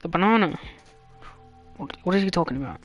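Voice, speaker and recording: A man's voice: sits high, expressive, fairly quick, dull audio, faint music behind. A male game streamer reading a visual novel's text aloud, stumbling over words and dropping joking asides.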